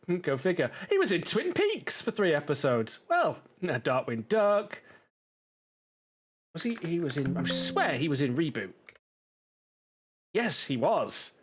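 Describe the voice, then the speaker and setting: Rambling man streaming with a cold. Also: on the high side. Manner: rambling, chatty, swears casually. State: stuffy, has a cold. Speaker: game streamer. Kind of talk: casual live-stream chat.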